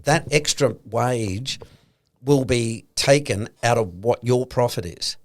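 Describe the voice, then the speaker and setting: An Australian man co-hosts a relaxed podcast conversation about money. He builds his argument step by step and often plays out imaginary exchanges to make a point. His voice sits at an ordinary middle pitch for a man. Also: takes it slowly. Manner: explains points through acted-out hypothetical conversations. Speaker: podcast co-host. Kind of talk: casual chat.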